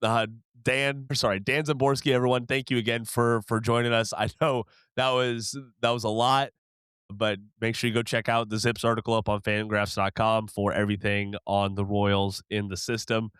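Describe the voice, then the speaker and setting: Man, podcast host, easygoing, smooth clear tone, mid pitch, dry sound. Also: flat delivery, normal speed, fairly bright tone, dry recording. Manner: easygoing, brief affirmations. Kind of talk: casual podcast chat.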